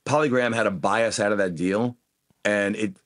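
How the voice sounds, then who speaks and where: A man being interviewed as a guest guitarist, telling animated anecdotes and acting out what people said. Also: fairly low pitch, moderate pace. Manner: animated anecdotes, acts out quoted voices. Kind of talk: casual interview storytelling.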